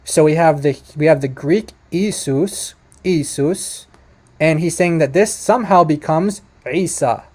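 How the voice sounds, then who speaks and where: A man's voice: a little high, measured pace, a little mellow. A man hosting a reaction video who talks casually over it and is emphatic when he corrects the claims in it.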